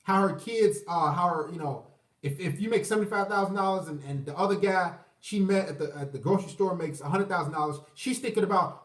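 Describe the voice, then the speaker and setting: Man, 30s, profane rambling stream host, high pitch, distant mic with room echo. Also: fast. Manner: profane, rambling, mocking voices, shout-outs to viewers. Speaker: livestream host. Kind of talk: ranting livestream commentary. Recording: roomy echo, away from the mic.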